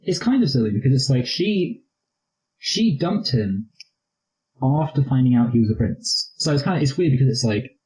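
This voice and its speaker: A man's voice: mid-range voice, animated, normal speed, a little mellow, rough recording. A young man with a rambling, jokey manner, co-hosting a casual movie review chat. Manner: rambling, jokey, slips into posh impressions. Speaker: co-host of a movie review show.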